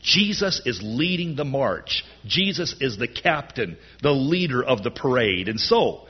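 A man preaching a sermon in an animated way, his voice rising loud on key lines. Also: medium pitch, unhurried, breathy edge, dull audio. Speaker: pastor.

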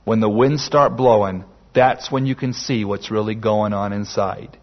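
A man preaching a sermon slowly and emphatically, with dramatic pauses. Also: on the low side, fairly even intonation. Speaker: pastor. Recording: dull lo-fi sermon recording.

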